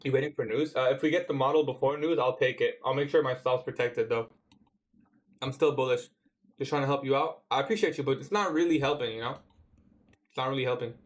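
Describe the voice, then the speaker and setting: A young man from Canada with a Toronto accent, chatting casually on a trading livestream and answering viewers in laid-back slang. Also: medium pitch.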